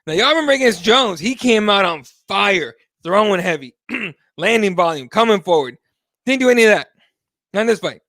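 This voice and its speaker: Animated high-voiced male MMA show host. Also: moderate pace, no echo, studio quality. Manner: casual, animated, swears freely, reads chat aloud. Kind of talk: live MMA talk show commentary.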